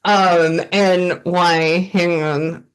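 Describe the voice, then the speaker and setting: A woman's voice: fairly low pitch, drawn-out words, slight background noise, low-quality recording. A woman working as a spirit medium, talking animatedly during a reading, often breaking off mid-sentence with sudden exclamations. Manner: animated, interrupts herself, exclaims. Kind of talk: live reading session with a client.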